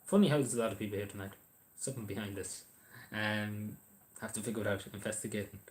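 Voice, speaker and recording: A man's voice: lowish voice, fairly even intonation, fast, a little hiss or hum. An Irish man chatting casually on a livestream, answering viewers' messages in a rambling, hesitant way with lots of ums and restarts.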